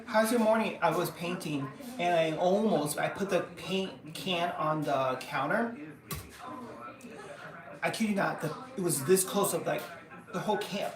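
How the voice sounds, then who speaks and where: A middle-aged woman rambles casually on a live stream from a room in her home, with lots of fillers and restarts. Her voice sits on the low side and is unhurried, with music playing behind her. The room is echoey and she's a bit far from the mic.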